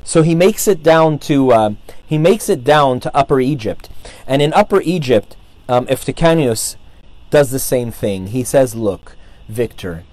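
A man's voice: mid-range voice, lively intonation, moderate pace, darkish tone, no echo. Rambling man telling a story, dry sound. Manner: rambling, many fillers and restarts. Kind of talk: casual retelling of a saint's life.

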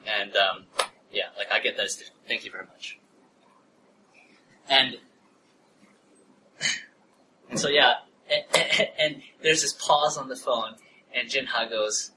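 A male pastor delivers a sermon built around a personal story, telling it animatedly in a lively-pitched voice at a moderate pace with frequent pauses. He laughs at his own tale and sinks to a soft near-whisper when preaching, picked up by a distant mic in a noisy room.

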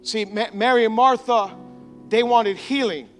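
A male pastor preaching an animated sermon in a church, acting out the characters he describes. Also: high voice, unhurried, faint music behind. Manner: animated, acts out biblical characters.

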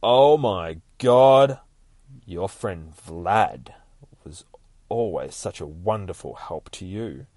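A man's voice: deep voice, animated, takes it slowly, a little mellow, breathy edge, dry recording, heavily acted. A man voicing a smug, bald male scientist who raises the dead, speaking with mocking politeness.

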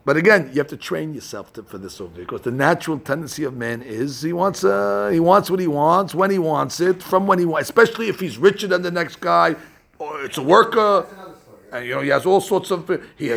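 Speaking briskly in a gravelly voice that sits on the high side, a man teaches Torah through stories. He acts out little scenes with animation, though his delivery has many restarts and fillers.

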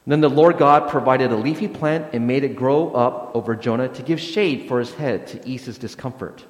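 A man's voice: mid-range voice, normal speed. A male pastor preaching a sermon in a conversational, joking way, often asking "right?". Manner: conversational, jokey, tags lines with "right?". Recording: echoey hall with long reverb.

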